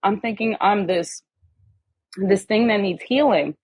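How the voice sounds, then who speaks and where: A woman's voice: mid-range voice, unhurried, breathy edge, no room sound, low-quality recording. A woman guest on a podcast in casual conversation, telling stories animatedly and acting out the voices of the people in them.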